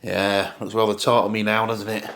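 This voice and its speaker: A man's voice: on the low side, level tone, moderate pace, a bit bright. A young man vlogging casually about his meals, chatty and rambling, with casual swearing. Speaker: fitness vlogger. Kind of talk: casual chat to camera.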